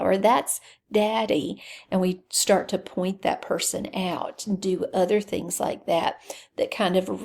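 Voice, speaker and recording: Slow, gravelly-voiced woman lecturing. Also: mid-range voice, darkish tone. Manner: explanatory, with fillers. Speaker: teacher. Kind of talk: recorded lecture.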